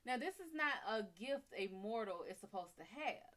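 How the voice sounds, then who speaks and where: A woman host retelling a myth on a livestream in a slangy, profane, animated way. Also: mid-range voice, moderate pace, few pauses. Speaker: psychic reader and host. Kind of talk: casual livestream storytelling.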